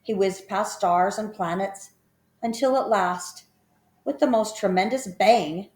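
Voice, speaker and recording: A woman reads a children's story aloud, her mid-range voice expressive and measured in a storytelling style. The recording has a roomy echo.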